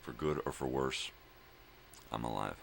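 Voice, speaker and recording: Older male vlog host, very low gravelly voice, rambling and profane, faint room hiss. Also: a little slow, fairly bright tone. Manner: rambling, profane, drifting between thoughts with fillers. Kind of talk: casual morning monologue to viewers. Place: at home in the early morning.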